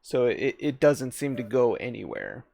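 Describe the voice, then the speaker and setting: A man running a tabletop game as dungeon master, describing scenes in a relaxed, halting way with many fillers. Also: medium pitch, gravelly.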